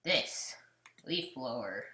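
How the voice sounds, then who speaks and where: A woman giving casual gameplay commentary, swinging between loud outbursts and muttered asides. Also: a bass voice, animated, takes it slowly, roomy sound. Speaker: gamer commentator.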